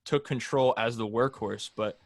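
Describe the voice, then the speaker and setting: A man with an average pitch breaks down football matchups, and his sentences lean on "I mean." He teases his co-hosts in a casual way. His voice sounds close and dry on the mic. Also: steady tone, moderate pace, dry recording. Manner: teasing, with filler "I mean". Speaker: podcast co-host. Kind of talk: casual sports betting chat.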